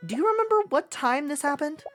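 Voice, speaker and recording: A woman voicing an earnest young male attorney in a game, with an inquisitive, measured way of questioning. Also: high-pitched, animated, faint music behind, pitched above the performer's own voice. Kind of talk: voicing a visual novel character.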